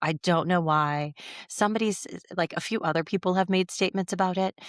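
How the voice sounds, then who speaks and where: A woman's voice: lowish voice, fairly quick, dry recording, clean studio sound. A woman co-hosting a podcast in casual chat, reflective and thinking aloud, often restarting her sentences. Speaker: podcast co-host.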